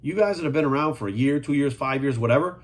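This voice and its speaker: A man with a husky, mid-pitched voice talks straight to the camera as a fitness coach. He is blunt, swears freely and hammers his points home with rhetorical questions. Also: fast talker. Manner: blunt, profane and emphatic. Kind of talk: casual monologue.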